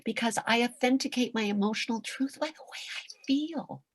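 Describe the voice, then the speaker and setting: An older woman with a raspy, nasal voice, giving a passionate motivational talk as a voice acting coach on a video call, swinging from loud to whispered. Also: on the high side, moderate pace, dry recording.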